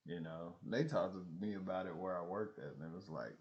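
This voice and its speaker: A man's voice: low-pitched, fairly quick, dull audio. A man talking bluntly in a casual monologue, full of profanity and frequent laughter. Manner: animated storytelling. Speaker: streamer.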